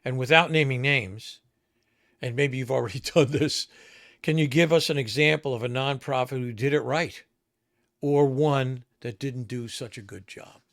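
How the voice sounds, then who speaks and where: Male host, gravelly voice, dry close sound, halting questions. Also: medium pitch, fairly bright tone, no echo. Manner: measured, halting questions with restarts. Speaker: podcast host. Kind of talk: interview conversation.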